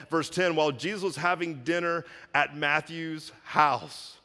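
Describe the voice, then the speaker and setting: Man preaching, bright voice, lively, acts out voices, loud then soft, long reverb of a large hall. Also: a little high, moderate pace, hardly any pauses. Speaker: pastor. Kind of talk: sermon.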